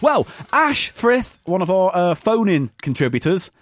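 A man's voice: high voice, very animated, measured pace, no echo. A man co-hosting a comedy show, reading out facts and bantering, laughing often and swearing. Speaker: podcast co-host and radio producer.

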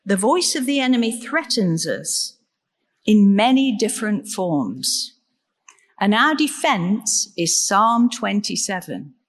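A woman preaches a sermon at a slow, unhurried pace and leans on rhetorical questions. Her mid-pitched voice carries a long reverb from a large hall. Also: very animated.

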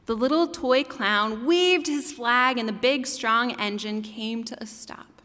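A woman preacher retelling a children's story in a sermon, expressive and playful with her asides. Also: a little high, measured pace, hardly any pauses. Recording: long hall reverb.

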